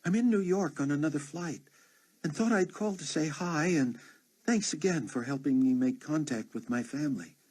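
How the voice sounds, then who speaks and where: A man's voice: a little high, normal speed, darkish tone, husky, pitched above the performer's own voice. A man doing a chatty young flight attendant.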